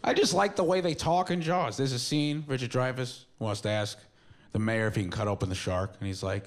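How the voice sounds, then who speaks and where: A man's voice: medium pitch, a little fast. A man in his twenties doing a stand-up comedy set on a club stage, talking in a casual, rambling, self-mocking way into a handheld mic. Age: 20s.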